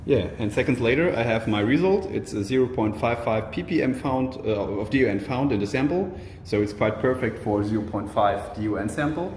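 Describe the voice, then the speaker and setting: A man walks through a lab test step by step, pausing often with fillers and restarting his phrases. His voice sits at an ordinary pitch and sounds roomy, with a faint hiss underneath. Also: animated, darkish tone. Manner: halting, many fillers and restarts, step-by-step explaining. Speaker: product demonstrator. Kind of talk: live lab demonstration over a video call.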